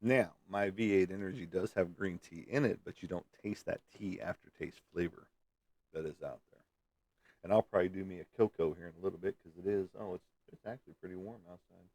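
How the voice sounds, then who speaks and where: A man's voice: sits low, fairly quick, darkish tone, no echo. A man hosting a casual livestream, rambling in a folksy way and chuckling as he answers viewer comments. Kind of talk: casual chat.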